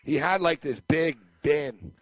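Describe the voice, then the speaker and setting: A man's voice: a little high, takes it slowly, a bit bright, no room sound. A man co-hosting a podcast, telling a long anecdote in a loose, rambling way and laughing along. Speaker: podcast co-host. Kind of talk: casual storytelling chat.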